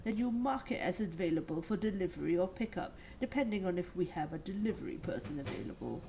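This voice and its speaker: A woman reading aloud as a grumpy depot boss who dislikes children, in a low, muttering voice. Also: expressive, quick pace, warm tone, slight background noise, rough recording. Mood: grumbling.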